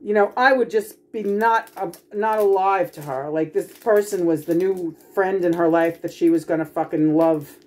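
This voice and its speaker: A woman's voice: fairly low pitch, moderate pace, hardly any pauses, a little mellow. Woman, home vlog, frustrated, profane, rambling restarts. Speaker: vlogger. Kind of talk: venting home video chat.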